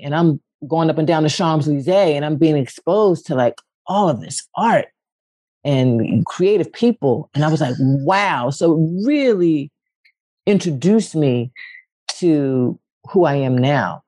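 Woman from Philadelphia, interview guest, lively storytelling, acts out voices, casual swearing, dry close sound. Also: a little slow, no echo. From West Philadelphia, USA. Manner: animated, acts out quotes with big pitch leaps, casual swearing. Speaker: guest, poet and actress. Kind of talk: candid storytelling conversation.

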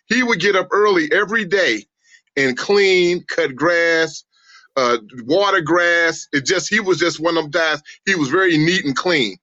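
Bright, lively storytelling man. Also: a little slow, no echo. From St. Louis, USA. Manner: animated, acts out voices in his stories. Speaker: roundtable participant. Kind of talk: casual storytelling among family. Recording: dull low-fidelity dry sound.

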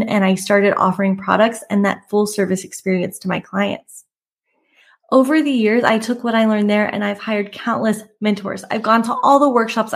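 A woman's voice: mid-range voice, vocal fry. A woman host of a podcast for photographers, talking candidly and conversationally about her own path, with emphatic rises now and then. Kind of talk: personal storytelling monologue.

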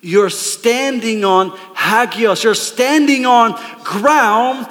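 A man putting on a deep, booming voice of God, speaking slowly and gravely. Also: fairly bright tone, big-room sound, exaggerated voice. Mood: solemn. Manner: slow, grave delivery.

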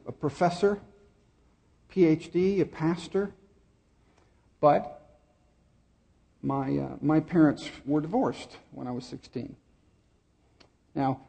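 A middle-aged man preaching a sermon, telling a personal story with pauses and repeated words. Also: fairly high pitch, creaky, warm tone. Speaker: pastor.

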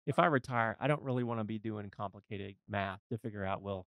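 Smooth-voiced man giving earnest financial advice. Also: lowish voice, a little fast, a bit bright, dry recording, studio quality. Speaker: financial advisor and show host. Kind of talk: conversational podcast discussion.

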